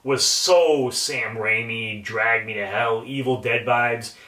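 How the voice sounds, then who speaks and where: A man talks through a film's plot in a casual, excited review, cursing now and then. His voice is bright and forceful. He sits a little back from the mic in a room with a noticeable echo. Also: mid-range voice, slow pace, recorded from a distance. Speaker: movie reviewer. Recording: roomy echo, a bit off the mic.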